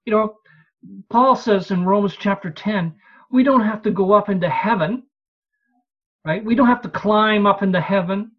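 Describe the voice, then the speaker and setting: In a slightly dull lo-fi recording of an evening church service, a preacher delivers a conversational expository sermon, reading and explaining scripture aloud and posing rhetorical questions to listeners. The voice is medium-pitched and moderately paced, with long pauses.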